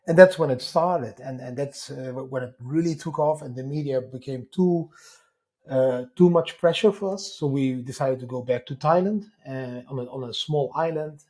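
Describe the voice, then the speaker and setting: A man with a Dutch accent, a guest in an interview, telling his story in an animated way with many quick restarts. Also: mid-range voice. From Netherlands.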